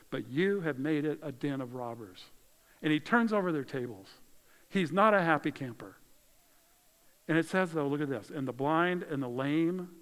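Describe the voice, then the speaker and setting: Animated male pastor preaching in a hall. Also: a little high. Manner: animated, conversational preaching with dramatic shifts in volume. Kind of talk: sermon.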